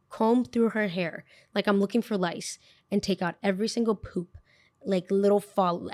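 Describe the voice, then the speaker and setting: Young woman telling an animated story. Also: mid-range voice, no echo, clean studio sound. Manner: animated, repeats phrases for emphasis. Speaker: podcast host. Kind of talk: casual storytelling.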